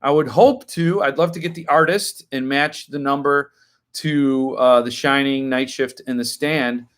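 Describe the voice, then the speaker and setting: A man's voice: mid-range voice, steady tone, a little slow, fairly bright tone. A man in his fifties hosting a live stream, chatting casually as he answers viewers' comments and now and then flaring into indignant rants.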